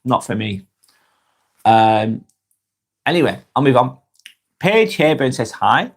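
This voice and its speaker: A man with a Lancashire accent, hosting a calm live stream, reading viewers' comments aloud and chatting back in an unhurried way with lots of ums and restarts. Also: mid-range voice, breathy edge. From North West England. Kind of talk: casual live-stream chat.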